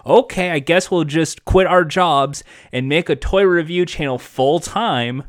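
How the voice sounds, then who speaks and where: A man's voice: on the high side, a little slow, hardly any pauses, no echo, studio quality. A man in casual comedic chat as a podcast co-host, rambling and joking.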